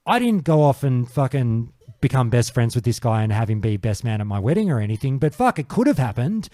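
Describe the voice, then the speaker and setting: A man's voice: medium pitch, big pitch swings, brisk, warm tone, no echo, studio quality. A man hosting a casual gaming podcast panel, swearing freely and telling stories with animation. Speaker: podcast host.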